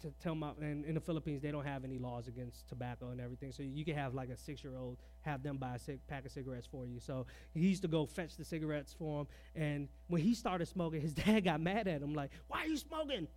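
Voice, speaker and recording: A man with a notably high voice delivers a conversational sermon. He keeps asking the congregation pointed rhetorical questions and peppers his points with "all right." His tone is earnest and personal rather than formal. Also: steady tone, fast, few pauses, warm tone. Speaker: preacher.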